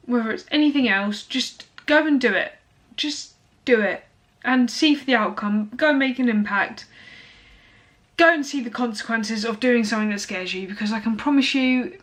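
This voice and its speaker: A woman's voice: on the high side, a bit bright. A young woman talking casually to camera as a fitness vlogger, blunt and motivational, with lots of fillers.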